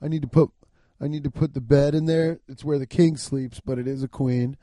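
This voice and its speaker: A young man hosting a casual solo podcast, rambling loudly and profanely while lying down and yawning. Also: mid-range voice, steady tone, a little fast, no echo, studio quality. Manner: loud, rambling, profane, laughing at his own jokes. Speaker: podcast host.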